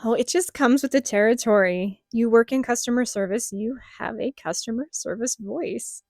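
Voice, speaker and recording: A woman hosting a podcast in casual chat, asking questions in a steady, reflective way. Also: on the high side, moderate pace, dry recording, studio quality. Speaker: podcast host.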